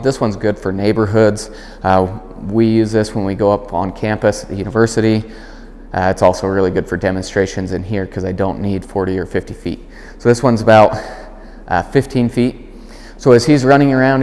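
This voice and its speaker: A man with a lowish voice explains dog training calmly, step by step. He gives his commands firmly and clearly. His voice rings with the long reverb of a big indoor hall. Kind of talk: instructional demonstration.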